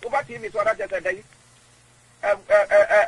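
Rambling husky Ghanaian man. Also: high voice, completely flat delivery, moderate pace, a bit bright, no room sound, low-quality recording. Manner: rambling, emphatic, repeats himself. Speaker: guest. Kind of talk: casual interview chat.

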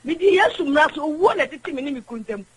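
Impassioned high-voiced woman caller. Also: animated, fast, low-quality recording. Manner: impassioned, emphatic, mixes English into her speech. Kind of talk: radio call-in opinion.

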